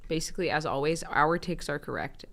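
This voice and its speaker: Man, gravelly voice, co-host, quick wry interjections. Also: fairly high pitch, lively intonation, bright, forceful tone. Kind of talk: casual news commentary.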